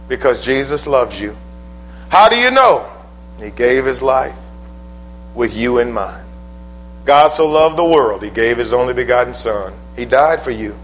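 A man preaching a sermon in a church, with emphatic call-and-response, swinging from loud exclamations to soft pleas. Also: medium pitch, a little hiss or hum, low-quality recording. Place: church building.

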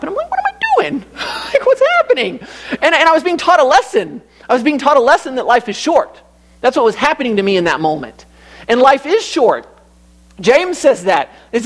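A man's voice: very high-pitched, a bit bright. A man in his thirties preaching a conversational sermon with personal stories and frequent restarts.

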